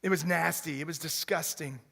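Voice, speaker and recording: High-voiced pastor preaching in a church hall. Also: male voice, moderate pace, vocal fry. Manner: animated preaching, repeats words as he restarts. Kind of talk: sermon. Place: church sanctuary. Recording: long reverb of a church hall.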